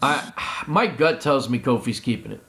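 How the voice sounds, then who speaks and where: A man's voice: mid-range voice, animated, normal speed, creaky, fairly bright tone. A man hosting a podcast in casual chat, laughing often and moving things along. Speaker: podcast host. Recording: noisy podcast recording.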